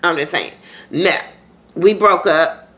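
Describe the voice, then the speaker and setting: Woman, bright forceful voice, blunt profane gossip, casual unscripted TV recap. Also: lowish voice, takes it slowly. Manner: blunt, profane, lively gossip with repeated asides. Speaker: reality TV recap vlogger. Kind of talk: casual unscripted episode review.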